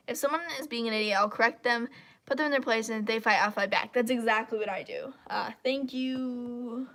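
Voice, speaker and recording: A woman's voice: a little high, pushed and bright. A woman hosting a casual live stream, talking in a blunt, opinionated, rambling way. Her throat is stuffed up and congested.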